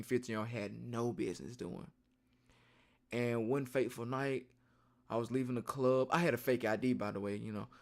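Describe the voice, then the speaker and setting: Young man, streamer, casual slang, rambling storytelling, animated. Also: medium pitch, vocal fry.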